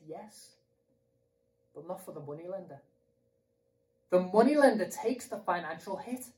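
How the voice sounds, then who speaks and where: A man's voice: sits high, a little mellow, far from the mic, poor audio. A British man preaching a sermon in a conversational way, asking rhetorical questions and repeating himself.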